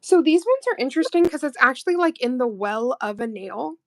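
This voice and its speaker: A woman's voice: high-pitched, expressive, brisk, no echo, poor audio. A woman hosting a casual livestream, chatting playfully and laughing often while doing nail art. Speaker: livestream host.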